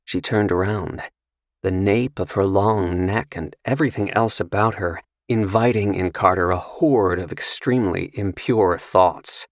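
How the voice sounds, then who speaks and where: Male thriller narrator, lowish voice, dry close sound, measured and wry delivery. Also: no echo. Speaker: audiobook narrator. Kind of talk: scripted audiobook narration.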